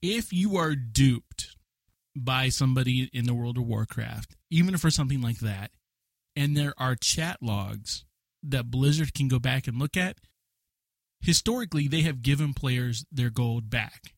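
A podcast co-host in casual chat about gaming, playful and quick to laugh. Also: medium pitch, no room sound, studio quality. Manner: animated, playful, laughs easily.

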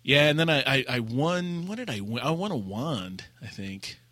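A man co-hosting a casual gaming podcast, telling a raid story with lively acted-out quotes and laughter. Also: mid-range voice, normal speed, dry recording. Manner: animated storyteller, acts out quotes. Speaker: podcast co-host.

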